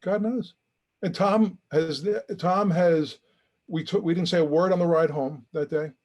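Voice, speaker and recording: Animated storytelling man, somewhat high voice. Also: a little slow. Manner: animated storyteller acting out quoted dialogue; emotional, earnest. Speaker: interview guest, charity founder. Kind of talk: podcast interview storytelling.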